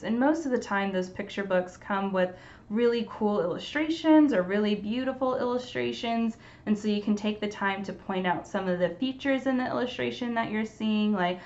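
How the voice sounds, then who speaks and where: A woman talks through tips for reading picture books to children in an easy, conversational way. She wanders a little between thoughts and fills pauses with "um" and "uh." Her voice sits at an ordinary middle pitch, and the recording sounds a bit muffled and lo-fi. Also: a little hiss or hum. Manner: relaxed, chatty with frequent "uh" and "um". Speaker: storytime presenter. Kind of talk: casual how-to talk.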